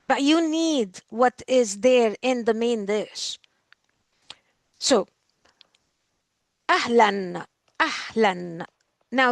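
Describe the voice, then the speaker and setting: Female language professor, higher voice, patient drill-style delivery, dry close sound. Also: dry recording. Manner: explains patiently, repeats words for drill. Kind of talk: recorded lecture.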